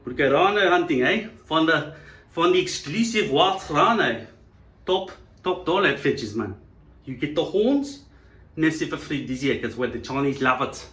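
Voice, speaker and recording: A man's voice: a little high, lively intonation, normal speed, fairly bright tone, echoey room. A man voicing a boastful South African man with a hearty, swaggering manner.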